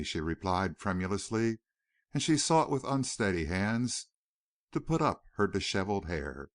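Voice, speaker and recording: Reading a novel aloud with expressive storytelling, this male audiobook narrator has a lowish, very animated voice and a measured pace. The scripted narration is studio quality and echo-free.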